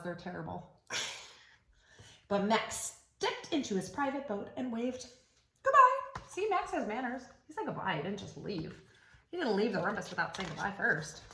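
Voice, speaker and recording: A woman reading picture books aloud to young children in an animated, sing-song way, chatting with her listeners between pages. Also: medium pitch. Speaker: children's story reader. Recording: roomy echo.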